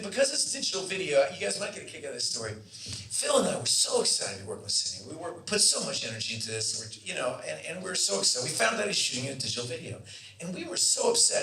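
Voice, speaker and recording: A man telling an anecdote at a festival Q&A, acting out the voices of the people in his story. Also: high voice. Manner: animated, acts out other people's voices. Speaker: festival Q&A guest. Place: festival Q&A venue. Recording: roomy hall, distant mic, faint noise.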